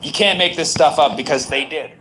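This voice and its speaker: A man's voice: on the high side, a little fast, a crowd in the background, low-quality recording. A man giving sarcastic commentary and reading text messages aloud, laughing between lines. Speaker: online commentator.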